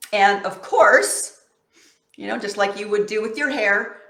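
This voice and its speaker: A woman's voice: mid-range voice, a little slow, fairly bright tone, echoey room. A woman coach giving a casual motivational talk to camera in an encouraging, affectionate, conversational way.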